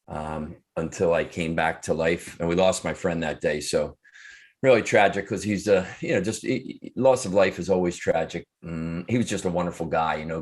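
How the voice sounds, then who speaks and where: A man in his fifties, an author and speaker, earnestly telling a personal story in an interview, with frequent restarts. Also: deep voice. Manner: earnest, reflective, halting with restarts.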